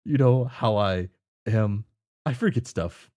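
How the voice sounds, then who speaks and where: A man's voice: on the low side, slow, a little mellow, pitched below the performer's own voice. A man voicing a cheerful, clueless young man who talks in folksy old-fashioned slang while reading a webcomic aloud. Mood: sheepish. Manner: folksy, upbeat, oblivious.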